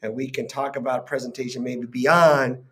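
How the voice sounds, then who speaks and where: A man's voice: medium pitch, fairly even intonation, moderate pace, fairly bright tone. Playful teasing male co-host. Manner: playful, teasing, laughs often. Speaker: co-host of a live stream. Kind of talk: casual banter.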